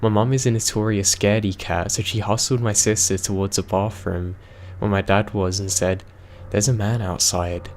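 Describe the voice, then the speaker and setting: A man reads reader-submitted horror stories aloud as scripted narration, steady and measured, with a fairly low voice. There's slight background noise.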